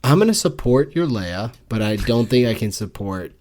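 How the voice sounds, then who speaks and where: A man co-hosting a podcast, discussing a book casually with a joking, deadpan tone of mock business talk. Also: mid-range voice, normal speed, a little hiss or hum. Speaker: podcast co-host.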